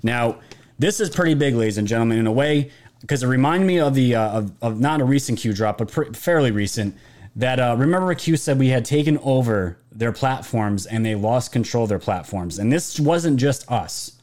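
A man's voice: medium pitch, animated, moderate pace, darkish tone. Rambling man hosting a live commentary stream. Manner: rambling, with frequent restarts and fillers. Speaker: political commentary channel host.

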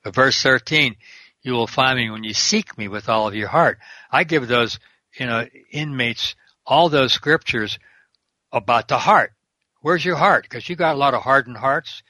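A man's voice: mid-range voice, moderate pace, pushed and bright, dry recording. An older man, a prison minister and guest, talking fervently in an interview and quoting scripture verse by verse. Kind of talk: preaching interview talk.

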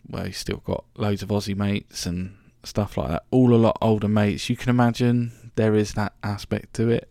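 A man's voice: on the low side, creaky, a little mellow, dry recording, clean studio sound. A young man telling a rambling, sweary story about his travels as a podcast host. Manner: chatty, rambling, sweary, full of restarts. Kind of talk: casual storytelling monologue.

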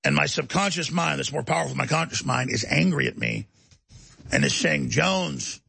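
Gravelly, forceful ranting talk-show man. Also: mid-range voice, brisk, no echo. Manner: ranting, emphatic and heated. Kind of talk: impassioned talk-show monologue.

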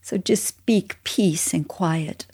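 Gentle, earnest woman telling stories. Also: lowish voice, takes it slowly, husky. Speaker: podcast co-host, mother. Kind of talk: Christian parenting chat.

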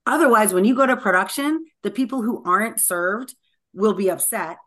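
Talkative woman guest on a tech podcast, lively, lots of "like"s, middle pitch. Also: moderate pace. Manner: energetic and talkative, many "like" fillers. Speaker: guest technologist. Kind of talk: conversational podcast interview.

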